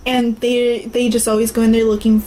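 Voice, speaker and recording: A woman's voice: fairly high pitch, flat delivery, brisk, dark tone, slight background noise, low-quality recording. A woman co-hosting a podcast in casual chat, laughing often and acting out the people she quotes. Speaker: podcast co-host.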